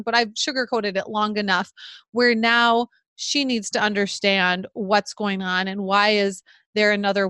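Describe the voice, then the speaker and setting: A woman's voice: medium pitch, fairly bright tone, no echo. A woman in her thirties, co-hosting a podcast, talking candidly and emotionally with many fillers. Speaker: podcast co-host. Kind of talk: candid conversational podcast talk.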